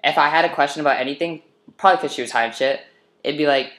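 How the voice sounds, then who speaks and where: A woman in casual podcast chat, telling a personal story in an animated way, swearing freely and often breaking into laughter. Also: low-pitched, racing. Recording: echoey room.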